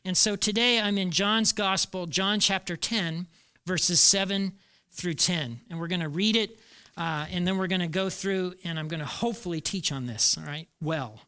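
A man's voice: sits high, bright, forceful tone, clean tone. A middle-aged male pastor preaching a conversational sermon, repeating key phrases for emphasis.

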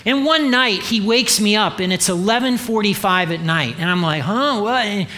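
A man preaches a sermon in a high, bright voice. He tells humorous stories and acts out the dialogue in them. His delivery is animated and playful. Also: normal speed. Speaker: pastor.

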